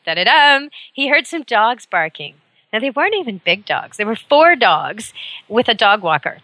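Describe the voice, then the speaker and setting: A woman radio host delivering an emphatic, indignant talk radio monologue from a studio mic. Her voice is bright and forceful, and the sound is dry and close. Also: medium pitch, dry recording.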